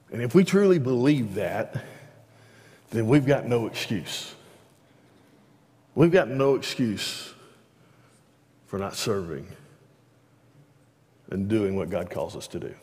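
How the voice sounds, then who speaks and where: A man's voice: fairly low pitch, expressive, slow pace, pauses often, a little mellow, long reverb tail. A man preaching a sermon in a church, conversational, stumbling over restarts and rising animatedly at key points. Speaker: pastor. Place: church sanctuary.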